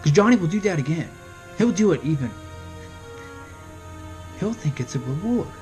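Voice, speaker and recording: High-voiced young man giving advice. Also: big pitch swings, moderate pace, darkish tone, soft background music. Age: young adult. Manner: chatty, rhetorical questions. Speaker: vlogger. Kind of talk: casual advice monologue.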